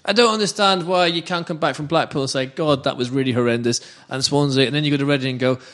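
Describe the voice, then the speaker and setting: A man's voice: a little high, steady tone, fast, fairly bright tone. A middle-aged man from Northampton, co-hosting a casual football podcast in a blunt, self-mocking, argumentative way. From Northampton, England. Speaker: podcast co-host. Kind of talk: casual chat.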